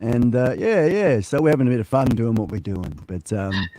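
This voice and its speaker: An Australian man chatting as a livestream guest from his home studio, loud, rowdy and profane, sometimes shouting. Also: mid-range voice, big pitch swings, moderate pace, no room sound.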